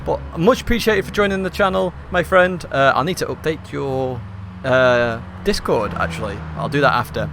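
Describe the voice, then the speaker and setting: A man's voice: medium pitch, normal speed, gravelly, fairly bright tone, slight background noise. Chatty man commentating a race. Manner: chatty, upbeat, rambling with many fillers. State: slightly hoarse. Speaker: race commentator and stream host. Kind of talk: live esports race commentary. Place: hot room at home.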